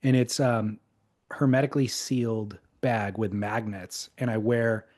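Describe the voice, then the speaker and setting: A man's voice: on the low side, steady tone, a little slow, darkish tone. A man co-hosting a podcast, telling a story in casual chat with fillers. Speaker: podcast co-host.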